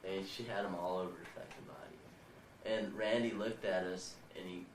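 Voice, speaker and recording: Teen male interviewee, low voice, rambling and crude; distant mic in a roomy, noisy room on old home video. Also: steady tone, normal speed. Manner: rambling and profane. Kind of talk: casual storytelling. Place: indoors in a house.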